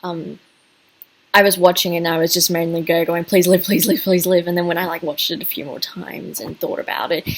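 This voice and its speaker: A woman's voice: fairly low pitch, flat delivery, a little fast, a little hiss or hum, poor audio. A woman giving a casual video review as a fan, gushing and rambling with many fillers and restarts.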